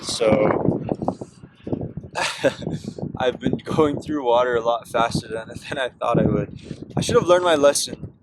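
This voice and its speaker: Brief: male walker-vlogger, earnest and upbeat, mid-pitched voice, heavy wind noise on an outdoor roadside recording. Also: slow pace, long pauses. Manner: earnest, upbeat and reflective, with small laughs. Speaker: long-distance walker vlogging his journey. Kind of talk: casual vlog monologue.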